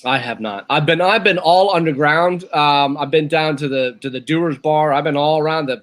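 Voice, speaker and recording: A man co-hosting a casual talk show, chatty and eager, sometimes reading aloud haltingly. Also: on the high side, a bit bright. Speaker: co-host. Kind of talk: casual chat.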